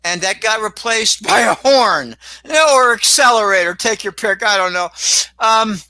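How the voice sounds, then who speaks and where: A man talking as a guest in a casual interview, rambling and animated, with sudden exclamations. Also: high-pitched, normal speed, no echo, poor audio. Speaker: guest commentator.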